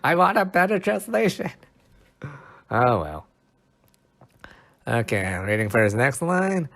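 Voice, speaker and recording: A man's voice: mid-range voice, big pitch swings, a little slow, creaky, a bit bright. A man hosting a casual podcast, bemused and poking fun at himself as he talks. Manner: bemused, self-mocking, laughs at himself. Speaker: podcast host.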